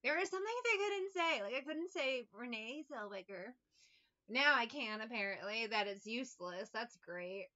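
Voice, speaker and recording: A chatty woman reads tarot in a loose, rambling way, laughing and slipping into bits of song. Her voice is bright and sits a little high. It is captured on a dull, lo-fi phone recording. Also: lively intonation, normal speed. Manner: rambling, laughs often, breaks into singing. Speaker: tarot reader. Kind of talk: casual chat.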